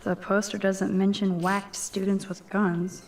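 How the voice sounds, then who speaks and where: A woman's voice: medium pitch, little pitch movement, a little slow, natural voice. A woman voicing a teenage girl, a small-town senior student in a video game, thinking aloud in wry asides. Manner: wry inner commentary, sometimes whispered.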